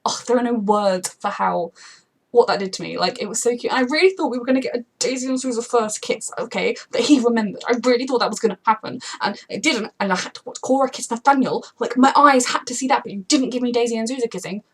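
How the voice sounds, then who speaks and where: A young woman pours out her feelings about a show in a rush of words, full of fillers, restarts and little laughs. Her voice is slightly husky, and she talks very quickly in a loose, casual way. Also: fairly high pitch. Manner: gushing, emotional and rambling, with many fillers and quick laughs. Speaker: TV reaction channel host. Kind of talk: casual reaction chat.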